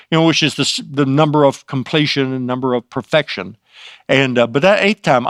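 A man's voice: medium pitch, fairly quick, a bit bright, no room sound, studio quality. A man teaching from the Bible in an informal way. He adds his own asides as he retells scripture.

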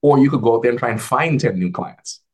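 A man talking casually as a guest on a video call, an advisor who tells animated stories and acts out the dialogue in a lifted voice. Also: medium pitch, quick pace, husky. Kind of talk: casual conversational storytelling.

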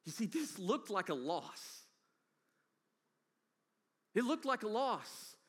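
A man preaching in a big church hall, his fairly high voice ringing out with a long reverb tail. He swings from near-whispers to loud, emphatic bursts as he drives each point home. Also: very animated, slow pace, breathy edge. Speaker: pastor. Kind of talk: sermon.

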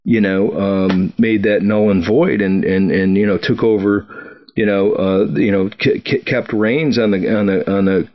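Rambling storyteller man, lowish voice. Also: fairly even intonation, a little slow, muffled recording. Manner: rambling, full of fillers and restarts, chuckles often. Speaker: podcast guest recounting military career. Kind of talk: casual storytelling.

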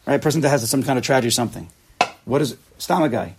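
A man leading an informal religious class, animated and full of rhetorical questions. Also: medium pitch, very fast, a little hiss or hum. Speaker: Torah class teacher.

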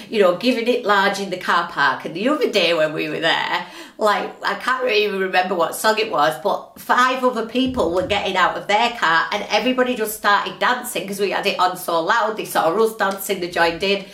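A woman's voice: medium pitch, moderate pace, fairly bright tone, far from the mic. Chatty ranting woman podcast host. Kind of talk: casual motivational monologue. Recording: roomy echo, a little off-mic.

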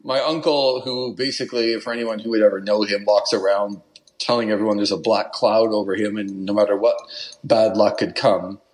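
A man who is a podcast guest, telling a travel story in an animated, casual way and laughing as he goes. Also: fairly low pitch, normal speed. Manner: animated, laughs while telling, puts on an Italian accent for quotes.

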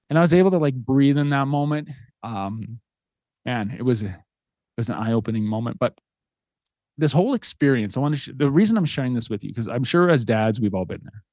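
A man in his thirties tells a personal story as a podcast host, earnest and heartfelt. His voice is mellow and warm, close and dry, with no room sound. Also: medium pitch, expressive, brisk, no echo.

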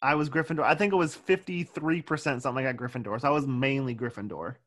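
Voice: medium pitch, fast, a bit bright. A podcast co-host in casual chat, talkative, walking through scenes with frequent restarts.

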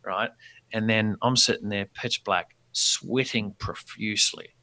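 A man telling a rambling, animated story as a podcast guest, with many restarts. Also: fairly low pitch, a little slow.

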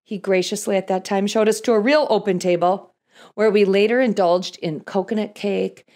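A woman's voice: mid-range voice, fairly even intonation, normal speed, darkish tone. A middle-aged woman hosting a podcast, telling a personal story with dry, self-deprecating humor before moving into Bible teaching. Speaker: podcast host.

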